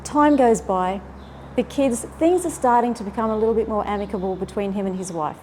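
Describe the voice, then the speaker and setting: A woman earnestly retelling a faith story and reflecting on its meaning, with an animated, heartfelt delivery. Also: medium pitch, fairly quick, a little hiss or hum. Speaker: faith speaker.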